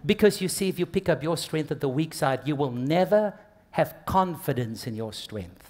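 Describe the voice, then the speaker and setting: A man preaching a sermon, moving between soft hushed asides and loud impassioned passages, talking straight to the congregation. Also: fairly high pitch, animated, normal speed. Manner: talks to the congregation directly with call-and-response prompts. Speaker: pastor.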